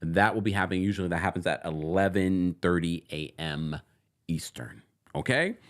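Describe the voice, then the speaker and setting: A man's voice: low-pitched, moderate pace. A man hosting a live stream, chatting casually with viewers and laughing often. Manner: laughs often, lively, playful. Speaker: host.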